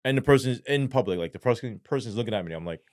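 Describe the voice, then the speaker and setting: A man's voice: medium pitch, quick pace, no room sound, clean studio sound. A man who is a former police sergeant, telling a story in a casual interview, swearing often and acting out quotes. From New York. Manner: profane, animated storytelling with acted quotes.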